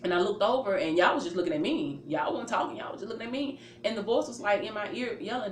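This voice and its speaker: A woman's voice: a little high, expressive, fast. A woman casually telling a personal story. She acts out her own reactions and leans on fillers as she goes. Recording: roomy with faint ambient noise.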